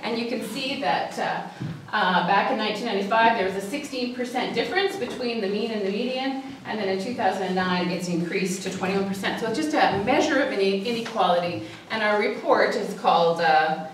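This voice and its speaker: A woman's voice: mid-range voice, a little fast, hardly any pauses. Social worker, woman, hesitant storyteller speaking from a distance in a big echoey hall with faint room noise. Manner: storytelling, acts out cries for help; hesitant, many fillers. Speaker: social worker giving a talk. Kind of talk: public talk with slides. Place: church hall.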